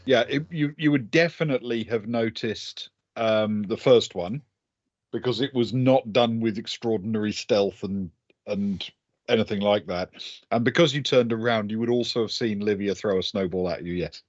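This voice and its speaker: A man's voice: lowish voice, normal speed, no echo, dull audio. A man narrating as game master of a tabletop game, chuckling and hesitating with many fillers.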